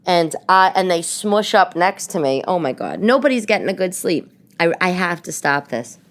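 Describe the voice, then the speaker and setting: Chatty woman host with a low voice. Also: moderate pace. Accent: New York. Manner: chatty, animated storytelling with frequent restarts. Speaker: podcast host. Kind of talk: casual chat.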